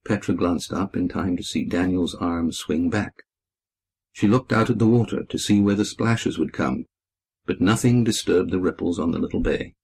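Husky-voiced man reading a story. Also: deep voice, a little mellow. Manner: measured, descriptive. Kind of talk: scripted narration.

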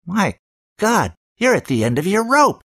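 A man voicing a high, shrill comic character with a cartoonish sound who talks pushy and urgently. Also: very animated, measured pace, a bit bright, dry recording, studio quality, exaggerated voice. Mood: teasing.

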